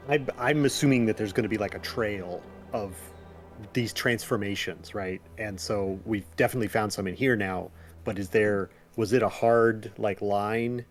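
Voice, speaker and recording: A man playing a tabletop game who thinks aloud and asks questions, restarting his sentences often. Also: lowish voice. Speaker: player. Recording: faint music behind.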